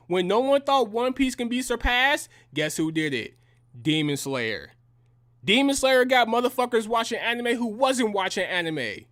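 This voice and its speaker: A man's voice: sits high, fairly bright tone. A young man delivering a heated, profane and combative reaction rant in slangy language. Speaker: reaction commentator.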